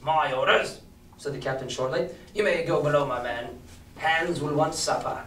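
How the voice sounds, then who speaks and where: A man's voice: fairly high pitch, normal speed, a bit bright, lightly acted. A man voicing a stern, curt male ship captain who gives clipped orders while reading a story aloud. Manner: clipped, commanding. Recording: echoey room, distant mic.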